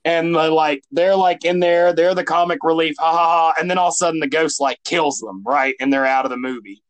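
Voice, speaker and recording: A man co-hosting a podcast in casual chat, telling stories in an animated way with lots of fillers. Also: on the high side, fairly quick, clear, resonant tone, poor audio. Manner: animated, filler-heavy storytelling. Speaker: podcast co-host.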